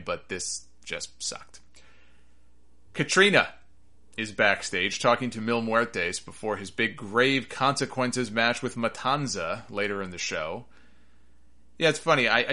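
A man's voice: medium pitch, bright, forceful tone. A man hosting a wrestling podcast, rambling and sarcastic in casual commentary.

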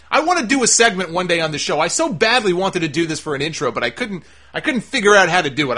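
A man's voice: high-pitched, pushed and bright. Sarcastic, cussing man reviewing wrestling. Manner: opinionated, sarcastic, swears freely. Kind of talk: casual commentary monologue.

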